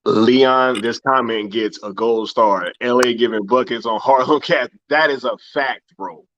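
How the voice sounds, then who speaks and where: A man's voice: medium pitch, unhurried, a bit bright, dull audio, a little hiss or hum. A man from Inglewood, California, hosting a casual live-stream chat in a laid-back, slangy way, laughing often. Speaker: host.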